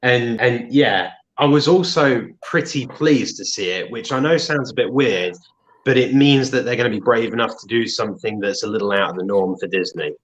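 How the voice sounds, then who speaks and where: Male panelist, calm delivery, muffled remote audio. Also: medium pitch, normal speed. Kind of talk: casual chat.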